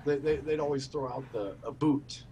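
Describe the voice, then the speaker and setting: A man's voice: mid-range voice, moderate pace, crowd noise. A man hosting a casual podcast, telling stories with lots of laughs and swearing. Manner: laughing storyteller, swears freely. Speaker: podcast host. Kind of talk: casual memorial chat.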